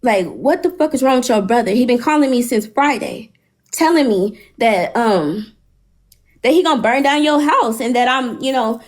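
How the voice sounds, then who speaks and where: A woman's voice: a little high, moderate pace. A woman hosting a live stream, telling a long story in casual chat, cursing and acting out what people said. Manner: animated, profane, retells dialogue.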